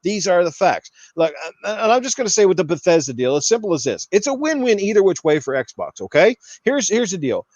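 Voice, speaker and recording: A man's voice: high voice, big pitch swings, brisk, few pauses, darkish tone, dry recording, highs cut off. A man hosting a podcast, ranting with heavy profanity and mocking the people he argues against. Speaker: podcast host. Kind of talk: heated casual podcast rant.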